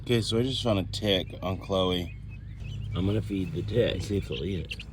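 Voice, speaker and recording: A man's voice: sits low, moderate pace, noisy background. A man vlogging about his homestead garden, chatty and playful, talking outdoors. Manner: chatty and playful, coos at animals. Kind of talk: casual family vlog.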